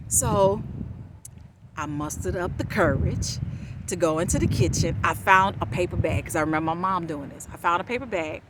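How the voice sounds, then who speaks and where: A woman vlogger telling a personal story to camera outdoors, animated and laughing often as she talks to her viewers. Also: mid-range voice, moderate pace. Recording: outdoor noise with passing traffic. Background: outdoor ambience and vehicles.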